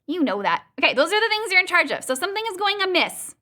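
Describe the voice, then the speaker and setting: A woman's voice: extremely high pitch, sing-song, quick pace, sharp tone. A woman teaching a live online singing lesson, upbeat and playful, showing exercises with sung sounds over a video call. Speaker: vocal coach.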